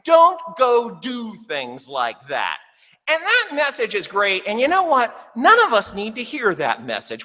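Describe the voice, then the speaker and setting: Animated pastor with a bright, reverberant voice. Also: male voice, high voice. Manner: animated and conversational, often checks in with "right?"; reads scripture slowly and deliberately. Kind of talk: sermon with scripture reading. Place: church sanctuary. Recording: long hall reverb in a church.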